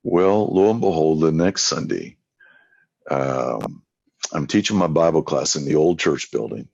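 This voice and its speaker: Very low gravelly man, husky, storytelling preacher, dry lo-fi recording. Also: lively intonation, measured pace, darkish tone, dry recording. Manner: folksy anecdotes with acted-out quotes. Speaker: evangelist guest. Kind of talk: storytelling in a podcast interview. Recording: dull lo-fi sound.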